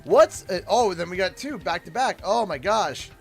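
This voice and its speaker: A Canadian man live-streaming a game, excitable and thanking viewers over and over. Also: sits high, moderate pace, soft background music. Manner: excitable, thanks donors warmly and often. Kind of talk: live gameplay stream chat.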